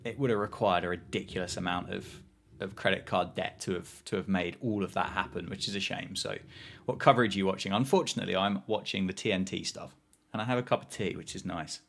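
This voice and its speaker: In a deep, gravelly, slightly bright voice and at a quick pace, a man hosts a live cricket watchalong stream. There's a little hiss or hum in the audio. He chats casually, reads the chat aloud and reacts to what's happening in the game.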